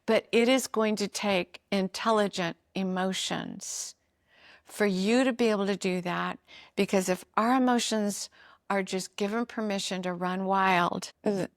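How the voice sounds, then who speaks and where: A woman's voice: mid-range voice, no room sound, clean studio sound. A woman hosting a podcast, giving an earnest, encouraging motivational talk straight to her listeners. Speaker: podcast host.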